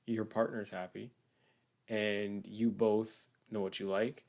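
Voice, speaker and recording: A man's voice: fairly low pitch, little pitch movement, takes it slowly, gravelly, a little mellow. Laid-back, teasing male co-host. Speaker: co-host, host's partner. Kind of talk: casual chat.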